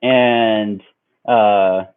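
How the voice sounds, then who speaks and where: A young man casually telling a rambling story to his viewers, animated and laughing along. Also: on the low side, drawn-out words, smooth. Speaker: vlogger. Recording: tinny phone-like audio.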